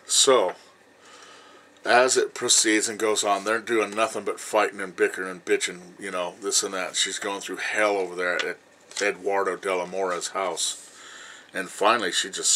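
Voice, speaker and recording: A man in his fifties telling a personal story to his viewers in a blunt, rambling way, swearing freely and filling pauses with "you know". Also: low-pitched, level tone, bright, forceful tone, slight background noise, low-quality recording. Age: 50s. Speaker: vlogger.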